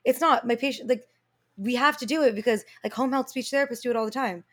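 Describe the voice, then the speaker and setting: Woman co-host, higher voice, emphatic, reassuring, conversational. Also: fast. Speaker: podcast co-host. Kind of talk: casual chat.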